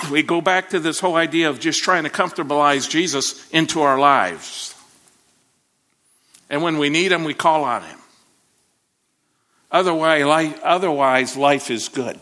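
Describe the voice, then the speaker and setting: Animated high-voiced male preacher. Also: unhurried, pauses often. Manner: animated storyteller, voice climbing as the story builds; repeats words, frequent restarts. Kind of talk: sermon storytelling.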